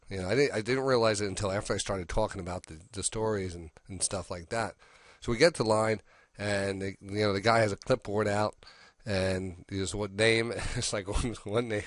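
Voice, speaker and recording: A man's voice: fairly low pitch, dry recording, clean studio sound. A middle-aged man hosting a radio show, telling a rambling personal story full of restarts and quoted dialogue. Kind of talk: casual storytelling.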